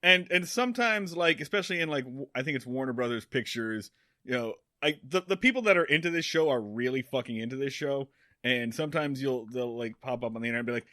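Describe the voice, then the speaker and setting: A man co-hosting a comedy podcast, talking excitedly in casual chat and swearing freely. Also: mid-range voice, fast, no room sound, clean studio sound. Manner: excitable, swearing, jumps into silly quotes. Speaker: podcast co-host.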